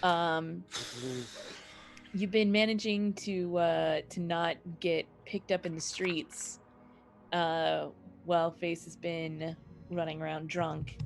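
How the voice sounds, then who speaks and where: A woman's voice: lowish voice, little pitch movement, slow pace, creaky, faint music behind. A woman running a tabletop game as game master, talking through the scene with many fillers and some friendly teasing.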